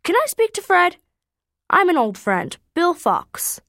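A woman's voice: very high-pitched, huge pitch swings, unhurried, creaky, a bit bright, no echo, studio quality, pitched above the performer's own voice, full character voice. Woman playing a flustered office man. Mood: anxious.

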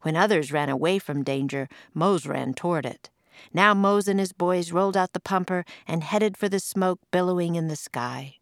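A woman reads a storybook aloud, her voice sitting a little low. She is expressive and lively, and the recording is dry and close with no room sound. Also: normal speed, no echo. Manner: expressive, puts on voices for quoted lines. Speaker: author and narrator.

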